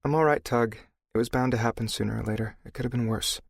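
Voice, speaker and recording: A hurt but tough young woman, played by a male narrator who answers in short, blunt lines. Her voice sits higher than his usual register but keeps a gravelly grain, and it is recorded dry and close for an audiobook. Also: steady tone, fast talker, dry recording. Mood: steady. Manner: blunt, clipped, swears when angry.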